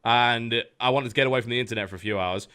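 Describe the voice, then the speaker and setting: A man's voice: medium pitch, fast talker, pushed and bright, clean tone. A man, a podcast host telling a story in casual chat, dry and understated.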